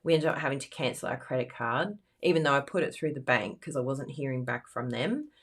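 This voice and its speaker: A woman with a notably low voice talks through a card-making demo in a loose, rambling way. She piles on fillers and breaks into laughter often, keeping it casual and conversational. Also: expressive, a little fast. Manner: chatty and rambling, with frequent fillers. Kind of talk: casual chat during a crafting demo.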